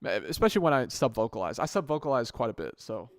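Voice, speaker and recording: A young man speaks casually into a good podcast microphone, thinking aloud and correcting himself as he goes. His voice sits at an ordinary middle pitch. The sound is dry, with no room echo. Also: very animated, fast talker. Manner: rambling, often restarts and corrects himself mid-sentence. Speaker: podcast host. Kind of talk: casual solo podcast monologue.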